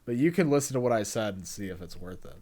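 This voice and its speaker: Sarcastic southern guy with a lively voice. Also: fairly low pitch, fast talker. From Deep South, USA. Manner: sarcastic, swears freely. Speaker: podcast co-host. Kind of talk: casual chat.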